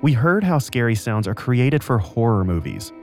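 A man hosting a podcast, giving scripted narration with a clear, even storytelling delivery. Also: mid-range voice, moderate pace, over music. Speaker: podcast host.

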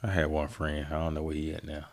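Deep gravelly man, laid-back. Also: monotone, quick pace. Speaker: podcast co-host. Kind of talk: casual chat.

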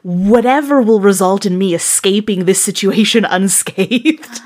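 A woman playing a character in a tabletop game, giggly and animated. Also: medium pitch, measured pace. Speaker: player. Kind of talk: tabletop role-play.

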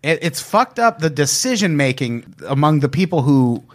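On his casual podcast, this host shares eerie tales and trades jokes with friends. His storytelling bounces with animated pitch, and laughter comes quickly to him.

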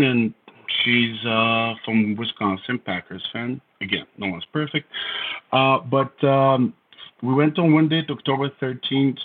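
A man's voice: medium pitch, phone-quality sound, a little hiss or hum. A Bulgarian man in his thirties with a Bulgarian accent, a podcast guest telling his story in a wry, self-deprecating way. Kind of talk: casual storytelling interview.

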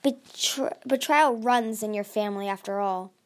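A woman's voice: medium pitch, a little slow, close to an everyday voice. A woman voicing a haughty, cruel female sea dragon queen who talks scornfully. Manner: scornful, snarling.

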